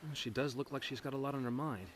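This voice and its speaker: An actor playing a skeptical cop who talks in a dry, wry way, in a dubbed animated film. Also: male voice, medium pitch, fast talker, a little hiss or hum, natural voice.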